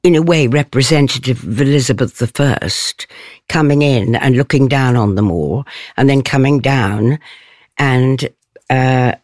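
Older actress, slow and thoughtful. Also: female voice, a bass voice, no echo, studio quality. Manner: thoughtful and measured, with frequent soft laughs. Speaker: stage actress as guest. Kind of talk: interview.

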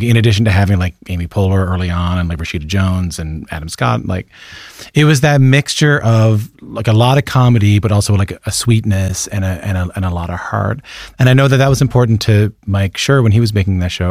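A man's voice: fairly low pitch, brisk, a little mellow, no echo, studio quality. A man hosting an interview, asking long questions full of restarts and repeated words. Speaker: podcast interviewer.

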